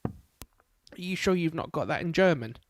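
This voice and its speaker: A man's voice: on the high side, animated, measured pace, a little hiss or hum. Chatty man analysing darts. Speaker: darts co-commentator. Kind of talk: live sports commentary.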